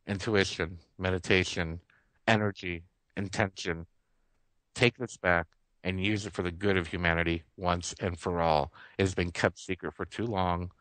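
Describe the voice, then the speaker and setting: A man's voice: low-pitched, fairly bright tone, dry recording. A man hosting a spiritual talk radio show, speaking earnestly and with passion, often repeating phrases for emphasis.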